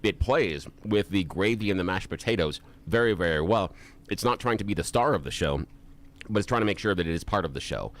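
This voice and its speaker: A man's voice: low-pitched, lively intonation, a little fast. A male radio co-host chatting casually and gushing with enthusiasm over the food. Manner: effusive, enthusiastic food praise.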